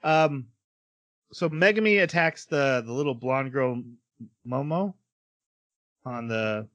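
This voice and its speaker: A man's voice: mid-range voice, slow pace, a bit bright. A man hosting a casual anime podcast, recapping episodes and laughing often. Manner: laughs often while recapping plot, acts out quotes. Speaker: podcast host.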